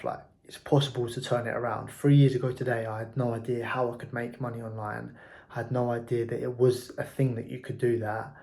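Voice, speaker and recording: A man's voice: mid-range voice, darkish tone. A man, speaking candidly in a reflective personal monologue about his working life. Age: 20s. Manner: candid, frank, occasional swearing. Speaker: entrepreneur vlogger.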